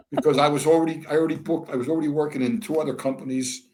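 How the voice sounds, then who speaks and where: A fast-talking older American man with a somewhat high voice shares candid stories as an interview guest. With animation and dry humor, he acts out both halves of conversations.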